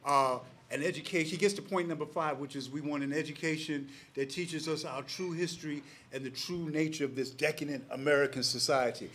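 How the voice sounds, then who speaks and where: A man in his sixties, a panelist telling a personal story to a packed live audience, animated and acting out the voices of the people in it. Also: a little high, fairly quick, hardly any pauses, a little hiss or hum. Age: 60s. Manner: animated, acts out quoted voices, laughs between lines. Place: packed public panel gathering.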